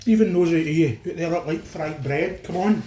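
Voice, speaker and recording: Scottish male cooking vlogger, mellow voice, roomy kitchen sound, chatty and informal. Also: on the high side, fairly quick, a little hiss or hum. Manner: chatty, addresses viewers as folks, eats while talking. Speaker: cooking channel host. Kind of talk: casual cooking vlog, tasting food.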